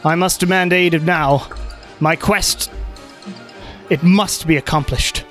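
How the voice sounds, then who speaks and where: A man's voice: on the high side, fairly even intonation, takes it slowly, a bit bright, faint music behind. A man voicing a possessed male cleric who talks earnestly and apologetically, at times stammering. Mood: solemn. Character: possessed young male cleric, solemn then flustered.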